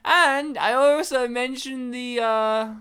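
Smooth-voiced man cracking crude jokes. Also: very high voice, slow, bright, forceful tone. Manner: crude joking banter, frequent laughter. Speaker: podcast co-host. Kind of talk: casual movie commentary podcast.

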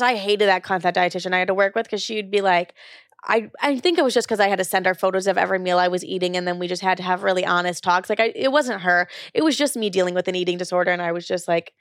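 Frank young woman, gravelly voice. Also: mid-range voice, dry recording, clean studio sound. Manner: casual, frank, filler-heavy talk with frequent "like" and swearing. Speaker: podcast host. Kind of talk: candid personal monologue.

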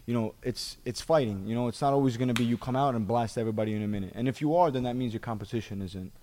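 A man's voice: medium pitch, very fast, darkish tone, slight background noise. A man, a professional fighter, talking reflectively in a podcast chat, with many restarts and repeated phrases.

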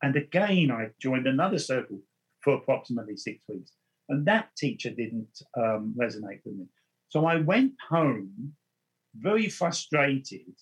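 A man's voice: mid-range voice, sing-song, measured pace, husky, rough recording. A man, a medium, earnestly recounting his experiences in conversation and often restarting his words. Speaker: spiritual medium. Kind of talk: storytelling in conversation.

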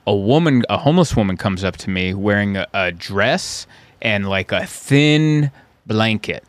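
A man, a stand-up comedian, telling stories in casual chat and now and then jumping into high voices for the people in them. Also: unhurried, no room sound. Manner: animated, acts out characters in high voices. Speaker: stand-up comedian, podcast host.

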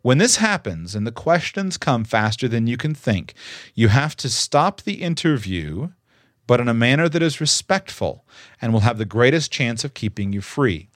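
A man's voice: medium pitch, sing-song, moderate pace, dry recording, clean studio sound. A young man who reads a guide aloud and adds his own earnest, emphatic advice, stressing the key words. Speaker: instructor giving advice. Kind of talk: reading a guide aloud with commentary.

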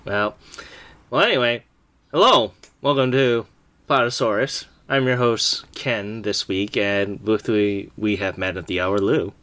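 A man's voice: lowish voice, steady tone, measured pace, fairly bright tone. A man hosting a casual podcast, chatting animatedly and laughing easily. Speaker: podcast host. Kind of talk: casual chat.

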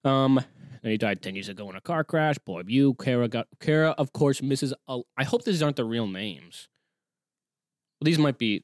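A man's voice: medium pitch, no echo, clean studio sound. A male podcast host in casual solo chat, rambling and sarcastic, swearing often and breaking off his own reading to comment.

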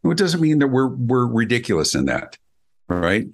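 A man's voice: wildly swooping pitch, normal speed. A middle-aged man, a guest speaker and consultant, telling stories in an interview and acting out quoted dialogue with his voice. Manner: acts out quoted dialogue with big pitch jumps. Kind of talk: animated storytelling interview.

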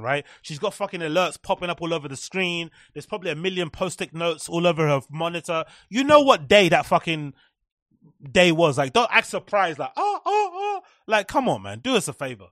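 A man's voice: high-pitched, fairly bright tone, no echo, studio quality. A man hosting a podcast, ranting sarcastically and profanely about online clips, with mocking impressions. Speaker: podcast host. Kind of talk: comedic commentary on clips.

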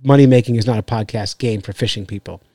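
A man with a lowish, warm voice hosts a fishing podcast, talking fast with no echo. He chats casually, joking and rambling, and laughs often.

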